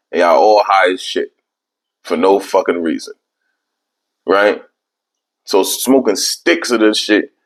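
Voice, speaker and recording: A young man hosting a podcast, telling a long story in casual, profane, rambling chat. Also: fairly low pitch. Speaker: podcast host.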